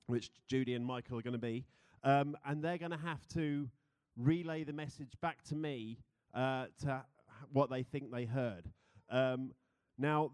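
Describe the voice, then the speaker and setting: A man's voice: mid-range voice, darkish tone, smooth, no echo, clean studio sound. A young British man preaching a sermon, playful and chatty, who laughs easily and leads the congregation in a game. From Britain. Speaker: pastor.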